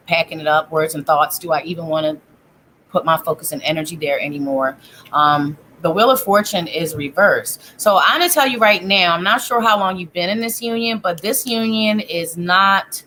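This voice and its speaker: A woman with a bright, forward voice gives a live tarot reading from her home. She talks casually, thinking aloud and breaking off mid-sentence. A faint hiss of background noise sits under the recording. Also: on the low side. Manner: chatty, thinks aloud, self-interrupting. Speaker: psychic tarot reader.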